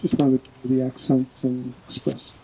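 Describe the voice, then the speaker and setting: A man's voice: medium pitch, completely flat delivery, moderate pace, creaky, dark tone, a little hiss or hum, poor audio. A man from New York giving an informal funeral eulogy, hesitant and with fillers. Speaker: eulogy speaker, neighbor.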